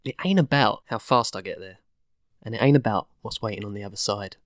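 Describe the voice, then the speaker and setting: A man's voice: on the low side, brisk, fairly bright tone, no echo, clean studio sound. A man co-hosting a podcast, chatting casually, explaining things and laughing often. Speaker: podcast co-host.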